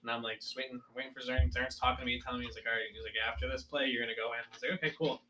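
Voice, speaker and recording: A man's voice: mid-range voice, rapid-fire, noisy background. A young man casually telling a story from his school sports days and acting out his coaches' lines. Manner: animated storyteller, acts out coaches yelling.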